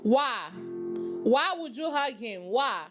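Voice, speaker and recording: Brief: high-voiced woman host, sassy and emphatic, slangy casual commentary. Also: expressive, takes it slowly, over music. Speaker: reaction channel host.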